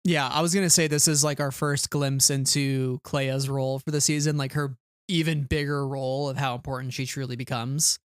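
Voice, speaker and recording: Smooth-voiced thoughtful male podcast host. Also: mid-range voice, flat delivery, normal speed, no room sound, studio quality. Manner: thoughtful, earnest, a little hesitant. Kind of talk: casual chat.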